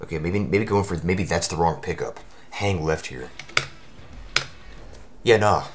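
A man giving live commentary over his own speedrun, his voice worn from shouting, talking at the game in exasperated outbursts. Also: low-pitched, lively intonation, a little slow, background noise.

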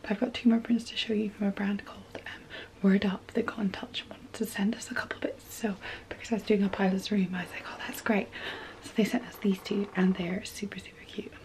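A young woman from the UK whispering quietly in a child's bedroom so as not to wake a sleeping child, in a whispered role-play style. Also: medium pitch, flat delivery, brisk.

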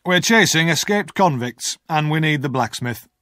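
A brisk army sergeant gives his orders crisply, his voice lifted a little above the narration, as a male reader plays him. The sound is close and dry, and his phrases carry a lively rise and fall. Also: a little high, no echo, voice pushed up. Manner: brisk, sharp.

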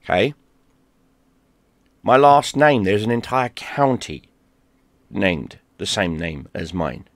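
A man ranting in a heated, profane monologue, dropping to a mutter and then bursting out loud. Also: sing-song, slow pace, pauses often, no echo. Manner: heated and profane, swings between low mutter and loud outbursts. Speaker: gaming YouTuber.

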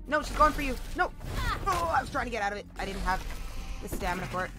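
A woman hosting a co-op gameplay session, playful and excitable, chattering, singing and shouting at the game. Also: a little high, fast, music in the background. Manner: playful, excitable, breaks into sing-song and shouts. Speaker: gaming channel host.

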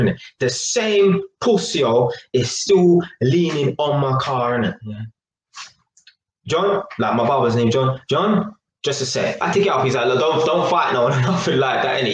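A young man with a London accent tells a street story straight to camera, slangy and loose, tagging "innit" and "yeah" onto nearly every line. His voice sits a little high and swings widely. The room is echoey, with a faint hiss underneath. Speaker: vlogger.

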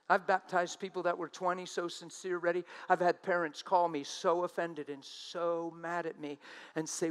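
A male preacher with a high voice delivers a sermon in an animated way. He stretches out the words he quotes, slowing right down to press each phrase home. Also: smooth. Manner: animated, drawn-out emphatic quotes.

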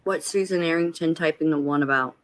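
A woman's voice: low voice, brisk. A woman helping out at a live sale, giving short, matter-of-fact prompts and passing on what viewers want. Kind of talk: casual asides.

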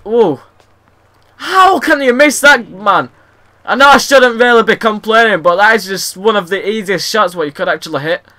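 Young guy rambling over a tennis game, high bright voice, gets shouty. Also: a little fast. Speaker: gaming video host. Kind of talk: casual game commentary.

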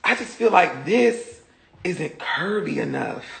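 A sassy, animated woman chatting on a phone livestream, reading viewer comments and laughing often. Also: sits low, slow pace, creaky. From Atlanta, USA. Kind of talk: casual livestream chat.

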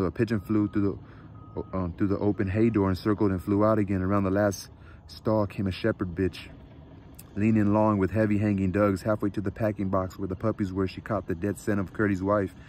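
A man reading a novel aloud at a measured pace, sometimes stopping to correct his slips. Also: on the low side, a little mellow, a little hiss or hum. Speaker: reader.

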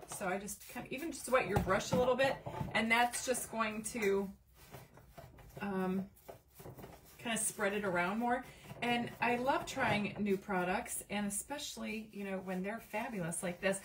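A woman's voice: medium pitch, expressive, unhurried, a little hiss or hum. Chatty woman live-streaming a craft, distant mic. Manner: chatty, reads viewer comments aloud, many fillers. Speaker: livestream craft host. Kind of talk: casual live-stream chat while crafting. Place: home craft room, indoors.

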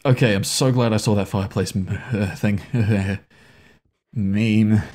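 Playing a horror game on video, this man sounds nervous, swears regularly, and alternately coaxes and scolds the characters, his voice leaping when something startles him. His lowish voice is a little mellow, fairly even in intonation, and a bit slow.

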